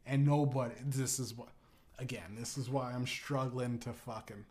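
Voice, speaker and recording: Male comedy podcast host, mid-pitched; rambling, crude, provocative, stumbling restarts. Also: fairly even intonation, normal speed, a little mellow.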